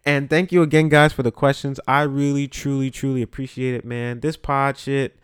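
A man hosting a podcast, telling stories in a profane, animated way, with congested sinuses. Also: medium pitch, moderate pace, clean tone, no echo, clean studio sound. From the Bronx, New York. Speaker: podcast host. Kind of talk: casual storytelling monologue.

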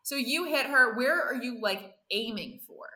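A woman's voice: fairly high pitch, animated, unhurried, sharp tone, echoey room. A woman running a tabletop role-play as game master, narrating and voicing a defiant teenage villain. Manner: plays a cold, defiant teen villain with swearing.

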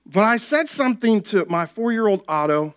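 A man's voice: high-pitched, very animated, moderate pace. A young adult man preaching a sermon as pastor, talking conversationally and often asking the congregation "right?".

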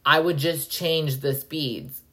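A young woman hosting a podcast, rambling and cursing in an animated, casual rant. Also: deep voice, slow. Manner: profane, animated, rambling with frequent "like". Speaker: podcast host.

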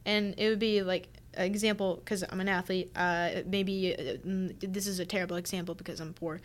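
A woman's voice: on the low side, flat delivery, a little fast. A woman in her twenties co-hosting a podcast, telling rambling stories in casual chat, full of fillers and restarts. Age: 20s. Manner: rambling, sidetracked storytelling with frequent fillers and laughter. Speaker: podcast co-host.

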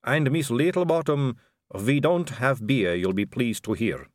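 A man's voice: medium pitch, measured pace, no echo, clean studio sound, close to an everyday voice. Man doing a genteel vampire lady. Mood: gracious. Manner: polite, gracious, lightly teasing. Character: genteel female vampire aristocrat, middle-aged, poised.

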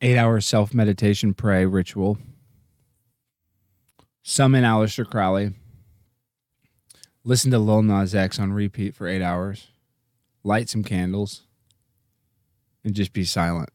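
A man hosting a livestream, rambling and joking, sometimes jumping into goofy high-pitched bits. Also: steady tone, unhurried, pauses often, a little mellow, dry recording, studio quality. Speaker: livestream host. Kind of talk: casual livestream rant.

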